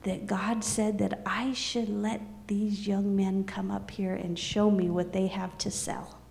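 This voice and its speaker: A woman's voice: medium pitch, level tone, a little slow, vocal fry, darkish tone, slight background noise. Woman voicing an elderly German-accented mother. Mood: earnest. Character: elderly German farm mother, warm and devout.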